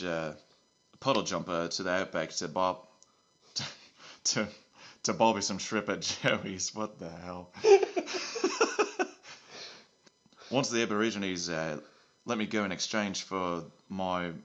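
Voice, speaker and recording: A low, slightly bright male voice, captured on a muffled recording, gives a full character performance. He plays a bumbling male secret agent who rambles through his mission report while switching among broad, put-on accents.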